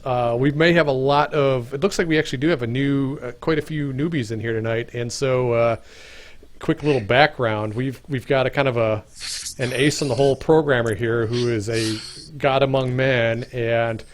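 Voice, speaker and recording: A man hosts a casual livestream about game development. He rambles, restarts his sentences and fills pauses with "uh" and "like", in an ordinary mid-range voice. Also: medium pitch. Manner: rambling, full of fillers and restarts.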